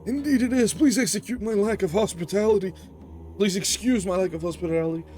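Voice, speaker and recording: A man's voice: high voice, normal speed, darkish tone, a little hiss or hum, voice pushed up, natural voice. A man doing an old sneering lich villain. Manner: theatrical, sneering. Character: old male lich villain, bitter and scheming.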